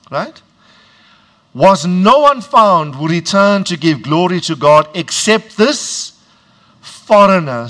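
A man preaching a sermon, leading the congregation in call-and-response and rising to shouted emphasis. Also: a little high. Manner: deliberate, drawn-out delivery.

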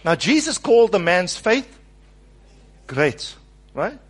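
A man preaches a sermon with a somewhat high voice that swings widely. He leans hard on key words and calls on the congregation to say words back to him. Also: sing-song, takes it slowly, slightly rough. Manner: stresses words and acts out quoted speech.

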